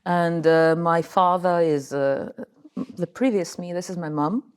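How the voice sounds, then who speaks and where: A woman chatting as a podcast guest, deadpan and darkly joking. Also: lowish voice, unhurried, clean tone. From Russia. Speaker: guest comedian. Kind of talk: casual podcast chat.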